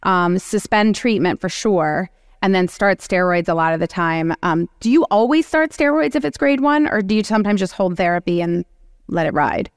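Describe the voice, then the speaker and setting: A woman moderating a medical education panel, talking animatedly and acting out quick exchanges with patients. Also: mid-range voice, expressive, smooth, no echo, clean studio sound. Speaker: panel moderator, oncology clinician. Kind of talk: continuing-education panel discussion.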